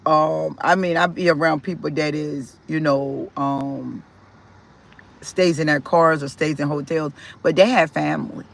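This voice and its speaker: A man vlogging casually about his life, rambling with restarts and repeated words, and swinging in loudness and pitch as he talks. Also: fairly even intonation, unhurried, creaky. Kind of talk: casual personal storytelling.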